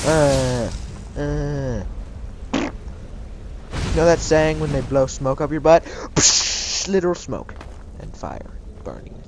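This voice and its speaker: A man gives casual gameplay commentary in an animated, swooping voice, unhurried between bursts. He is excitable and profane and breaks into shouted outbursts and goofy sing-song. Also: a little high, a little hiss or hum.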